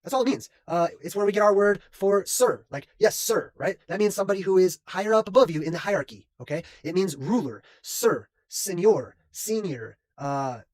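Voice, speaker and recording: Emphatic male video host, high-pitched, rambling, dry close recording. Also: animated, fairly quick, hardly any pauses, no room sound. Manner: emphatic, digressive, keeps adding "okay?" and "right?". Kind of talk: casual monologue.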